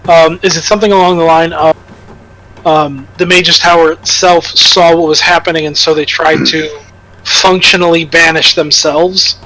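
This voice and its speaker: A man's voice: on the high side, flat delivery, normal speed, pushed and bright, slight background noise, rough recording. A man playing a tabletop game, asking hesitant questions with restarts. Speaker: player. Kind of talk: casual tabletop play.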